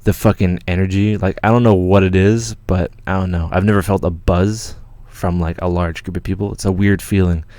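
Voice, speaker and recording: Low-voiced excitable Canadian guy. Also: fairly quick, hardly any pauses, no echo. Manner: excited, swears a lot, rambling with restarts. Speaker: channel host. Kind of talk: casual livestream storytelling.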